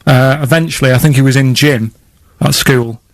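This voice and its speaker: Deadpan rambling Northern English man. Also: mid-range voice, moderate pace, no echo. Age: 30s. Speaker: radio show regular. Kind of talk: comedy radio banter.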